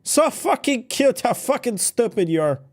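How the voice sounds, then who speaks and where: A man's voice: sing-song, exaggerated voice. A man voicing a snooty, elitist man with a made-up foreign accent, sneering and drawn out. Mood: condescending. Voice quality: high, drawn-out sneering delivery.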